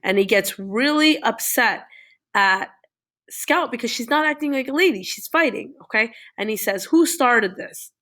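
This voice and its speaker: A woman's voice: a little high, animated, moderate pace, sharp tone. A woman teacher casually retelling a novel chapter for her class, checking in often with "okay?" and "all right?". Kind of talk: classroom reading review.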